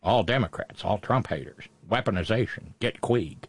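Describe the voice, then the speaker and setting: A man's voice: fairly low pitch, expressive, normal speed, breathy edge, pitched below the performer's own voice. A man putting on a bad old-movie tough-guy impression of a blustering, paranoid older man. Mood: aggrieved.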